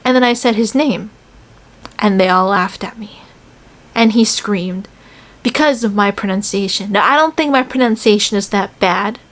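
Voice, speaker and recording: Young woman from the US, casual vlog chat, chatty, filler-heavy, animated storytelling. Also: medium pitch, moderate pace. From United States. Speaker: English teacher in Korea.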